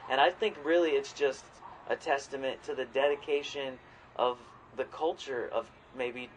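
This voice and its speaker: A man co-hosting a podcast in casual chat, rambling and swearing freely, sometimes jumping into loud quoted voices. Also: mid-range voice, steady tone, normal speed, slight background noise, rough recording. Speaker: podcast co-host.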